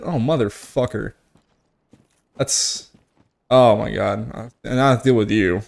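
A man's voice: medium pitch, steady tone, normal speed, creaky, a little mellow. A young man gives loose, swearing commentary while he plays. He has been drinking whiskey and sounds tipsy. He breaks into sudden yelps and jokes at the game in an ordinary mid-range voice. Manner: profane, joking, outbursts at the game. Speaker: gaming streamer. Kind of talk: casual gameplay commentary.

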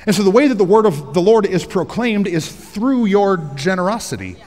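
High-voiced preacher man in a big hall. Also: moderate pace. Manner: energetic, joking, rising to shouts for emphasis. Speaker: pastor. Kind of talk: sermon. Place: large church auditorium. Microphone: headset mic.

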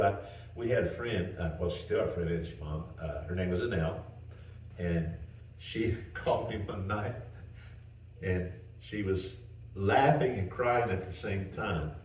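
Preacher guy telling stories, lowish voice, chuckly and folksy, echoey church, mic kinda far. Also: slight background noise. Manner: folksy, animated storytelling with chuckles and restarts. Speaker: pastor. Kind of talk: sermon. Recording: roomy church, mic at a distance.

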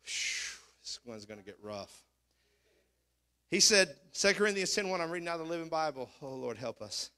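A man preaching a sermon as pastor, swinging between quiet asides and shouted, sing-song declarations, sometimes mimicking his congregation. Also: fairly high pitch, expressive, normal speed. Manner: mimics congregation members for effect.

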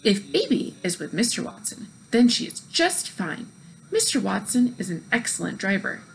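A kindly motherly woman speaks in a gentle, reassuring way, as a woman reading aloud puts her on. Her tone is cheerful and calm, a comforting storybook voice. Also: mid-range voice, moderate pace, creaky, slight background noise. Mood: soothing.

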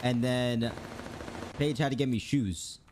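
A man's voice: medium pitch, slow pace, noisy background. Profane young man telling a story. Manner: profane, rambling, animated retelling. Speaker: pro gamer streamer. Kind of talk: casual storytelling on stream.

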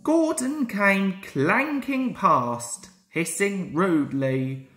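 A woman reading a children's train story aloud in a slow, lively storytelling cadence. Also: deep voice. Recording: roomy echo.

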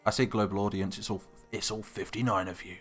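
A man's voice: fairly low pitch, fairly even intonation, quick pace, a bit bright, faint music behind. A young British man live-streaming, chatting casually and thinking aloud while answering viewers' comments. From Britain.

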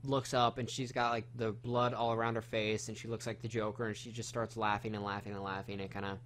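A man's voice: lowish voice, little pitch movement, brisk, a bit bright, a little hiss or hum. A man hosting a casual film review chat, retelling the plot in a rambling, profane way with lots of fillers.

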